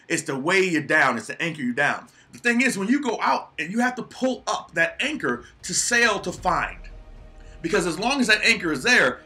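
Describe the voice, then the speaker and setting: Earnest motivational man, bright voice. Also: a little high. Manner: earnest, repetitive, preachy. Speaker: motivational speaker. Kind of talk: motivational talk.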